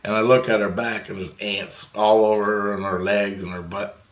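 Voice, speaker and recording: A man's voice: on the low side, flat delivery, normal speed. A man telling a spiritual dream story to his viewers in a loose, rambling way, full of fillers and restarts. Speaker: video blogger.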